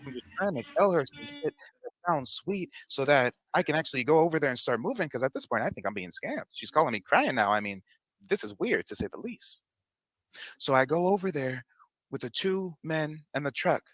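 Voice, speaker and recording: A man's voice: on the high side, animated, brisk, fairly bright tone, no room sound. A man casually retelling a personal story in a played clip, candid and profane.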